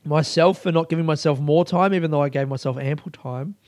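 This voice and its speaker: A man tells a personal story in a loose, animated monologue, swearing freely. His voice sits a little high and stays smooth and clear. The recording is close and dry. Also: a little fast, dry recording. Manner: animated and profane, with frequent laughter. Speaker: solo storyteller.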